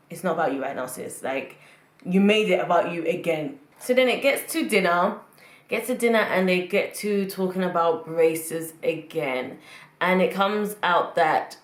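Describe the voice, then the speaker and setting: A woman's voice: on the low side, echoey room. A woman giving casual, opinionated commentary on a reality show, often repeating phrases for emphasis. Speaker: reality TV reviewer.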